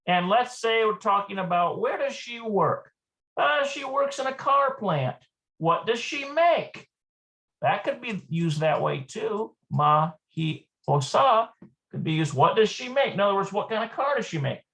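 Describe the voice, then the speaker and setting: Slow, gravelly-voiced language teacher. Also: mid-range voice, sing-song, a bit bright. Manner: thinks aloud, hesitant, repeats words slowly. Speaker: Hebrew teacher. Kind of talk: live online language lesson.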